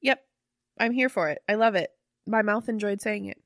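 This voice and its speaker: A young woman co-hosting a casual podcast chat, curious and excitable, with casual swearing. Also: mid-range voice, normal speed, no echo, clean studio sound. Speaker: podcast co-host.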